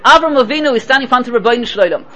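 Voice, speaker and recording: A man giving a spoken Torah class, telling stories lively and mixing Hebrew and Yiddish terms into his English. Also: extremely high pitch, very fast, lo-fi sound. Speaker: Torah teacher.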